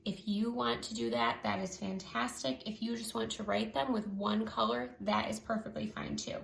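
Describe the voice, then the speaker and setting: A woman teacher giving a slow phonics lesson to children, stretching out each sound clearly. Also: fairly high pitch, steady tone, a little hiss or hum. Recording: echoey room.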